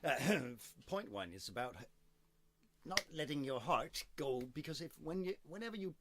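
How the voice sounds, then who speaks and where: A man, hoarse from coughing, casually rambling through a voice demonstration and making puns as he goes. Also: fairly high pitch, big pitch swings, normal speed, crowd noise. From Denmark. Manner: digressive, punning, playful. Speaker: video host demonstrating a voice technique.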